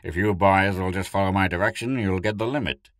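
A man with a deep, dry voice voicing a brisk, proud male hunting guide who talks loudly and eagerly in a storybook reading. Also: dry recording.

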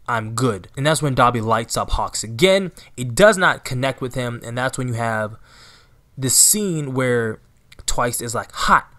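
A man's voice: mid-range voice, a bit bright. A man in casual recap commentary, talking straight to his viewers and often checking in with "right?" and "you know". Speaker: anime recap channel host.

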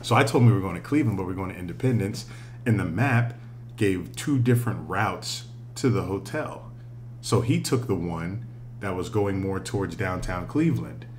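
Low-voiced man telling a story. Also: moderate pace, a little hiss or hum. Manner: animated storytelling with casual swearing. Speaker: podcast co-host. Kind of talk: casual chat.

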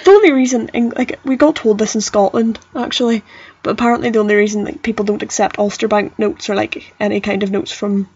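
A woman with a Northern Irish accent, co-hosting a casual podcast chat, chatty and quick to laugh. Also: mid-range voice, steady tone, a little mellow, husky, lo-fi sound. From Northern Ireland. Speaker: podcast co-host.

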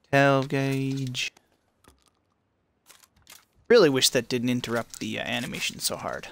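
A man's voice: mid-range voice, takes it slowly, long pauses. A young man streaming a shooter game, commenting casually to himself and taunting the players he beats. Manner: excitable, talks to himself and to enemies. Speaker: gaming streamer.

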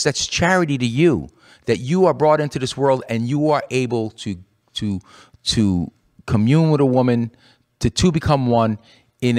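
Man, radio preacher, impassioned, repeats himself for emphasis, mid-pitched voice. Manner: impassioned, rising to forceful emphasis. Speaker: radio show co-host.

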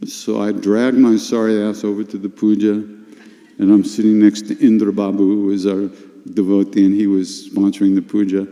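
An older man telling a personal spiritual story at a retreat workshop, unhurried and confessional, with sudden animated bursts. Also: on the low side. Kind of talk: storytelling talk. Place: retreat hall with an audience. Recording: long hall reverb.

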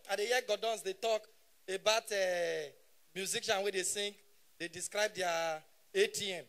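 Male stand-up comic, 30s, Nigerian Pidgin accent, very high pitch, sharp tone, animated delivery. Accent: Nigerian Pidgin English. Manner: animated, shouting punchlines in bursts. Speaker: stand-up comedian. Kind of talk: live stand-up comedy. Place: stage at a live show.

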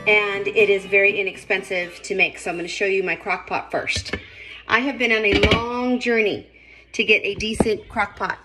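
A middle-aged woman talks viewers through a crock pot recipe in her home kitchen. Her delivery is chatty and folksy, with a mid-range voice. Soft music plays faintly underneath. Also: mid-range voice. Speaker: home cooking vlogger. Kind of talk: casual cooking demonstration.

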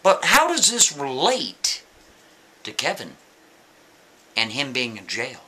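A man telling a story in a lively, emphatic, casual way, talking straight to the listener. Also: mid-range voice, slow pace.

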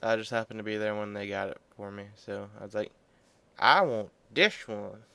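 A man's voice: on the low side, completely flat delivery, quick pace, creaky, smooth. A young man giving rambling, offhand and joking commentary while playing a video game. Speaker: gameplay commentator. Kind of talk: casual gaming commentary.

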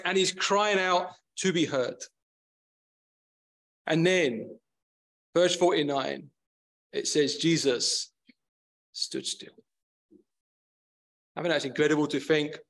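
A man preaching a sermon in an earnest, emphatic way, often repeating and building up his phrases. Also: sits high.

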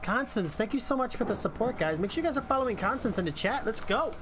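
A man streaming a horror game live, reacting excitably and reading on-screen text aloud. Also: extremely high pitch, fast. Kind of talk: live horror gameplay commentary. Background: game music.

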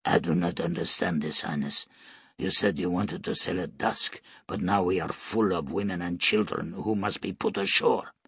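A man's voice: sits low, fairly even intonation, normal speed, gravelly, fairly bright tone, breathy edge, no echo, studio quality, pitched below the performer's own voice, full character voice. A man voicing a weary, gloomy ship's master in an audiobook reading, deferential and grumbling.

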